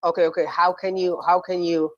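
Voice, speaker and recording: A male caller in a heated call-in debate, speaking haltingly and repeating himself as he tries to get a word in. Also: high-pitched, level tone, a bit bright, dry recording. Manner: halting, repeats "okay" and "listen" while trying to get a word in. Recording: dull lo-fi call line.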